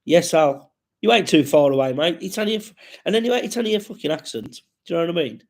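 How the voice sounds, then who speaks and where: A man's voice: on the high side, lively intonation, quick pace, vocal fry. A man with a West Midlands accent hosting a live stream, reading out comments with sweary, jokey banter.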